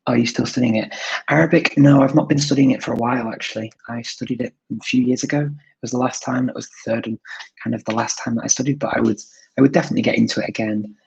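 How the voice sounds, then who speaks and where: A man's voice: mid-range voice, fairly even intonation, fast talker, gravelly, slightly rough, no room sound, highs cut off. A man hosting a live stream, answering viewer questions in a thoughtful, casual way with many fillers, sometimes switching languages. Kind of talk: live Q&A chat.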